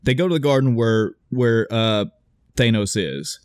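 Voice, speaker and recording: Brief: young adult man, casual movie recap, animated and profane, dry close sound. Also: medium pitch, a little slow, no room sound. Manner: animated retelling with swearing and acted quotes. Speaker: podcast co-host discussing a movie. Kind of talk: casual chat.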